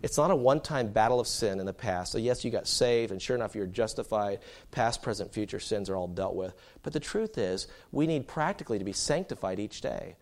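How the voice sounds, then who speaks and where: A man's voice: on the low side, lively intonation, a little fast, hardly any pauses. A man preaching a sermon in a conversational, storytelling way, with many fillers and restarts.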